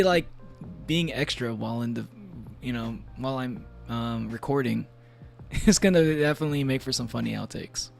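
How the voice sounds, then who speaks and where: A man's voice: medium pitch, vocal fry. A man streaming from home, chatting casually while he plays, rambling and laughing often between thoughts. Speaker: VTuber streamer. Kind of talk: casual live-stream chat while gaming.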